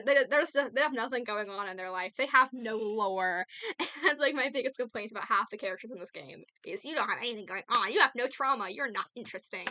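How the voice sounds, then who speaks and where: A woman talks through her video game opinions in a casual, blunt way, playfully ranting and laughing often. Her voice sits a little high. It has a bright, forceful edge. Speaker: gaming video creator.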